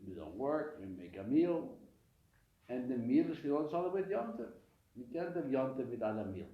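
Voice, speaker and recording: A man's voice: mid-range voice, moderate pace. A man teaching a live Torah class, posing questions and answering them himself with frequent restarts. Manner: animated, asks and answers his own questions. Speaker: rabbi teaching a weekly class. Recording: echoey room, dull lo-fi sound.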